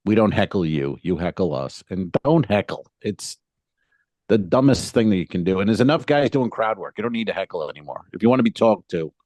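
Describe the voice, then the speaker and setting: A man's voice: on the low side, brisk, no room sound. A man who is a stand-up comedian, chatting casually on a podcast and animatedly retelling stories about hecklers. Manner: animated storytelling, acts out hecklers and himself on stage. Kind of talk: casual chat.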